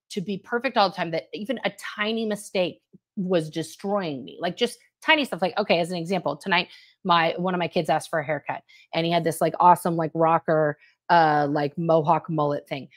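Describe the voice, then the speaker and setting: This middle-aged woman co-hosts a casual livestream chat, her voice fairly low and her pace moderate. She rambles reflectively and often asks "you know what I mean".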